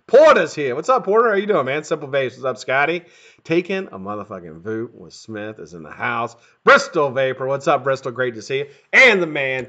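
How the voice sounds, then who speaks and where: A middle-aged man hosting a casual live stream, greeting viewers one by one and swearing freely. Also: medium pitch. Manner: lively, profane, greets viewers one after another. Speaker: livestream host. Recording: dull lo-fi stream audio.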